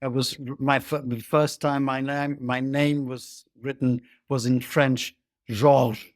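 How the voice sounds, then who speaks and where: A man hosting a conversation, gentle and halting, often trailing off softly. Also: medium pitch, flat delivery, no room sound, studio quality. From born in Belgian Congo. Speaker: host. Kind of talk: casual conversation.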